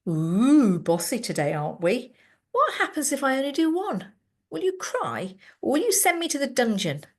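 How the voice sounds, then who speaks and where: A woman's voice: deep voice, huge pitch swings, a little slow, darkish tone, full character voice. A woman voicing a cheeky nine-year-old boy who teases in a mocking, sing-song way. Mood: teasing.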